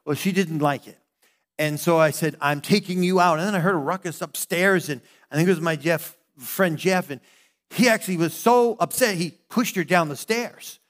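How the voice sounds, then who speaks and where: Earnest American pastor preaching. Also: male voice, on the high side, moderate pace. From United States. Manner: earnest, animated storytelling with rhetorical asides. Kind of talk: sermon with personal story.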